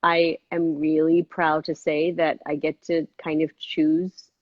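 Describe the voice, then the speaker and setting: Woman, thirties, interview guest, lively storytelling, dry close sound, slightly dull audio. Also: slow, no room sound. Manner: animated, jumps into high-pitched quoted voices. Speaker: actress and filmmaker guest. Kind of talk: casual interview chat.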